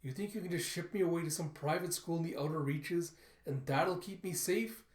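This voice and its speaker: A man's voice: a little high, a little fast, echoey room, pitched above the performer's own voice, natural voice. A man doing a defiant, sarcastic young woman.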